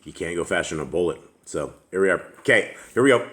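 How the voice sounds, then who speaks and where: A man's voice: deep voice, lively intonation, a bit bright. A man hosting a casual scripture discussion, reading verses aloud in an easygoing way. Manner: easygoing, reads verses slowly, chuckles. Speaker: host of a scripture study discussion.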